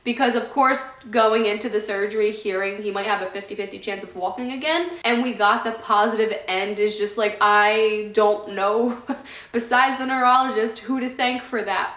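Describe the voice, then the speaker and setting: A woman's voice: fairly high pitch, steady tone, normal speed, fairly bright tone. Heartfelt, rambling woman vlogger, echoey room. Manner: heartfelt, rambling, loses her train of thought. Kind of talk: casual sit-down talk to camera. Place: indoor room away from her home.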